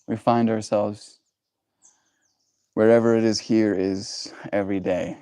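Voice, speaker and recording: Soft-spoken man musing on a livestream. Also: on the low side, fairly even intonation, clean tone, no room sound. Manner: gentle, musing, thoughtful pauses. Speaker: livestream host. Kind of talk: reflective livestream chat.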